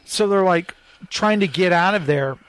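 His smooth, high-sitting voice moves at normal speed as he chats casually through a long story. He performs the characters' lines in raised tones and laughs a lot, and the sound has no echo.

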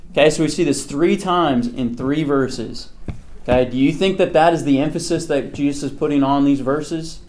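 A man's voice: on the high side, a little mellow. A man leading an interactive Bible lesson for a live group, in a conversational way that keeps checking in with "okay?". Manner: speaks to a live group in the room. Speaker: Bible teacher.

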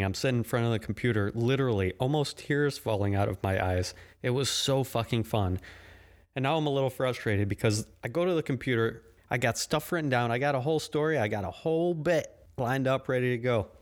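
A man's voice: mid-range voice, fairly quick. A man hosting his own podcast, ranting casually with profanity and self-deprecating asides. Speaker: podcast host. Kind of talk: casual solo podcast rant.

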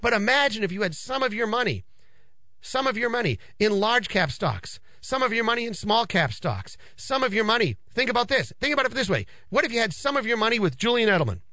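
Chatty radio host, lively and dry. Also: male voice, sits high, fairly quick, no echo. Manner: animated, chatty, repeats phrases for emphasis. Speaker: radio show host, financial advisor. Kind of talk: casual radio talk. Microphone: studio microphone.

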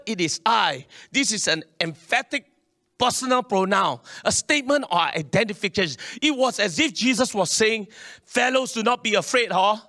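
A middle-aged pastor preaches with lively energy, often calling for an amen and slipping in local slang. His voice sits high and sounds bright and forceful. The recording is close and dry. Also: no room sound. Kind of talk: sermon.

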